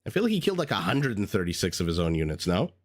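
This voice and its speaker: A man's voice: sits low, big pitch swings, racing. A man recovering from a cold, chatting through live game commentary, thinking aloud and greeting viewers. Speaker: game caster. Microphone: desk microphone.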